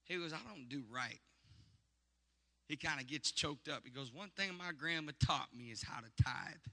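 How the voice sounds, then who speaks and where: Gravelly preacher in a big hall. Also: male voice, a little high, normal speed. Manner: call-and-response preaching, swells to shouting. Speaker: pastor. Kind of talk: preaching sermon with stories.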